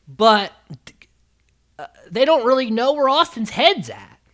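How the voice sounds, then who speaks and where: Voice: mid-range voice, big pitch swings, a little slow, fairly bright tone. A podcast host recapping a reality show in a rambling, chatty way, full of "like" and casual swearing.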